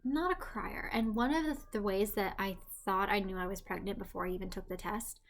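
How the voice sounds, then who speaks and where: Chatty young woman rambling quietly. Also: medium pitch, a little fast. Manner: rambling, chatty, self-deprecating; quiet and hushed at times, while her partner sleeps. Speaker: vlogger. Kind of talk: casual pregnancy update vlog.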